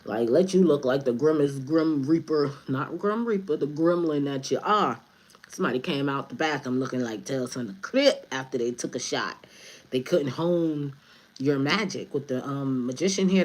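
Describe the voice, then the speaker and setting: Blunt, profane woman reading tarot. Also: deep voice. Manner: preachy, repeats phrases for stress. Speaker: tarot reader and spiritual advisor. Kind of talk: casual tarot reading livestream.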